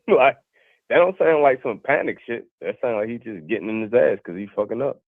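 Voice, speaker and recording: A man's voice: mid-range voice, lively intonation, quick pace, dry recording. A man calling in to a casual boxing debate, blunt and profane, often talking over the others. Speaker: caller on a boxing show. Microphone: phone call. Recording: dry tinny phone line.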